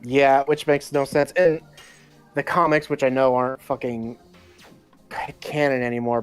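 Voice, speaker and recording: Man, casual stream chat, profane ranting, faint music behind. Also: mid-range voice.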